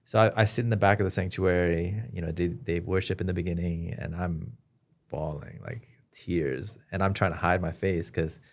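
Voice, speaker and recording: A man as a podcast guest, telling his personal story in an earnest, halting way with frequent restarts. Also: low voice, fairly even intonation. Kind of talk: personal testimony in an interview.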